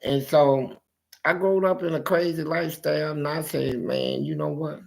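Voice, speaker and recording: In a casual storytelling conversation, a man animatedly recounts episodes from his life, imitating how his family members talk. He speaks at a moderate pace, his voice pitched on the high side and creaky.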